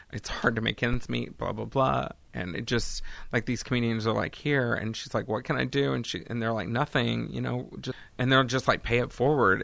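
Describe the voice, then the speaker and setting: A comedian hosting a casual chat, rambling and joking with quick tangents. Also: medium pitch, pushed and bright, dry recording. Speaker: comedian and host.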